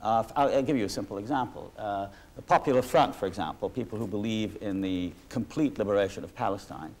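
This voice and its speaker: In a 1986 archival talk recording, a man with a fairly low, slightly mellow voice speaks quickly. He's the interviewee in a reflective conversation, talking in long, discursive sentences full of restarts and asides.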